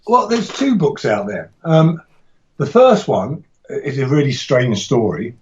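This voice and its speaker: A man's voice: mid-range voice, huge pitch swings, a little slow, muffled recording. A man talking casually as a podcast guest about teaching martial arts, rambling and enthusiastic, with frequent restarts and laughs.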